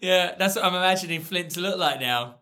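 A man co-hosting a casual podcast, relaxed and quick to laugh. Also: high voice. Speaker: podcast co-host. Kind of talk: casual chat.

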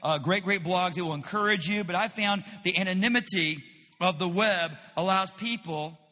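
A man's voice: high-pitched, normal speed, sharp tone, long reverb tail. A man preaching a sermon as pastor, emphatic, repeating phrases with mocking asides.

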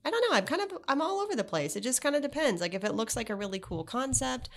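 A woman's voice: sits high, sing-song. Woman, 30s, bubbly food blogger guest, chatty, filler-heavy, close studio mic. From Florida. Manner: bubbly, quick storytelling with many fillers. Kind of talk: casual podcast chat. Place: podcast studio.

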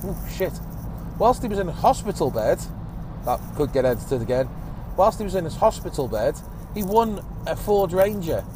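With a high, sing-song voice at a moderate pace, a man hosts a one-take podcast from inside his car in traffic, rambling and grumbling as he drives. He swears casually and coughs phlegmily over the car and road noise.

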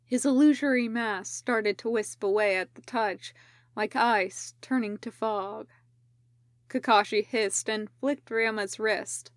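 A woman reads a fan-fiction audiobook in a measured, even way. Her voice sits fairly high and she takes her time. The sound is close and dry. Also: no echo. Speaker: podfic reader.

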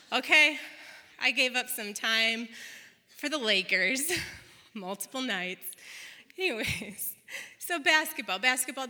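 A woman's voice: mid-range voice, sharp tone. A woman in her thirties preaching a sermon, chatty and laughing now and then as she tells a family story. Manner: chatty, laughs often while telling stories. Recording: long hall reverb.

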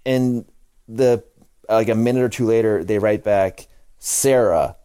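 A man's voice: on the low side, unhurried, dark tone, clear, resonant tone. A married man co-hosting a podcast, telling a story in laid-back casual chat, with frequent swearing. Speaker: podcast co-host.

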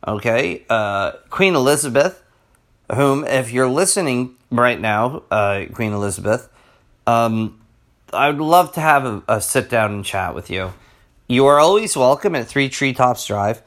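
Slow, halting man. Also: mid-range voice, lively intonation, fairly bright tone. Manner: rambling and halting, frequent restarts and throat-clearing. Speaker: podcast host. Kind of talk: casual history podcast monologue.

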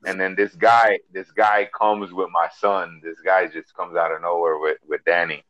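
A man with a Miami accent, co-hosting a casual podcast and telling stories in a profane, animated way full of fillers. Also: low voice, moderate pace, no echo, dull audio. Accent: Miami English. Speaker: podcast co-host.

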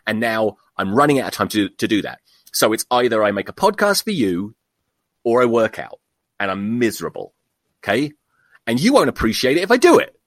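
Lively, profane podcast host ranting. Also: male voice, fairly low pitch, a little fast, no echo. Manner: profane, exasperated, self-mocking ranting. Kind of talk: solo podcast rant.

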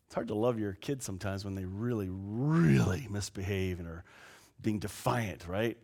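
A pastor preaching a sermon, swinging between loud, exasperated outbursts and quiet, low asides. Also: male voice, moderate pace, gravelly. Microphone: lapel mic.

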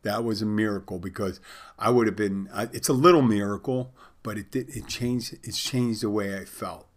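A middle-aged man with a fairly low voice talks to his listeners in a loose, rambling way. He circles back on himself and restarts his sentences often, as if chatting on his own podcast. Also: steady tone, moderate pace. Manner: rambling, conversational, with many restarts. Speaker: podcast host. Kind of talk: casual storytelling monologue.

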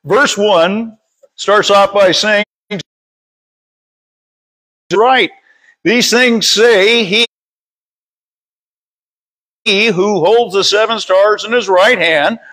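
A man leading a Bible study, reading scripture aloud slowly and stumbling over words, then stopping to teach. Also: sits high, sharp tone, poor audio. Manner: reads slowly with frequent stumbles and self-corrections. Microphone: streaming over Wi-Fi.

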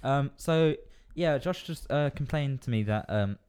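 A man's voice: mid-range voice, expressive, a little slow, darkish tone, clean tone. A young man co-hosting a comedy podcast, rambling through absurd ideas and playful tangents. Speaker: podcast co-host. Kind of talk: casual comedic chat.

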